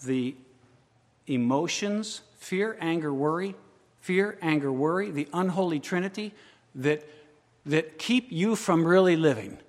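A man's voice: a little high, a little slow. A man preaching a sermon, acting out a worried believer's voice in the first person. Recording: long hall reverb.

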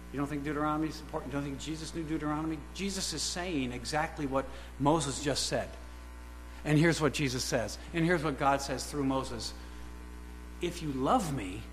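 A man preaching a sermon who fires rhetorical questions at the congregation and swings between quiet asides and loud, emphatic declarations. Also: on the high side. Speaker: pastor. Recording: reverberant hall with faint mains hum.

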